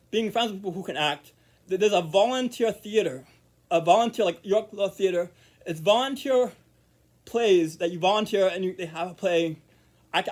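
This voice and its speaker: A man vlogging in a casual monologue to camera, rambling with repeated words and restarts, murmuring quiet asides. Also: sits high.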